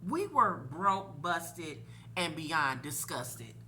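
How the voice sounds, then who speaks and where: Animated, bright-voiced woman storyteller. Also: low-pitched, extremely slow, a little hiss or hum. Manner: animated, laughing while telling a painful story. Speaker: podcast host. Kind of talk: candid personal storytelling.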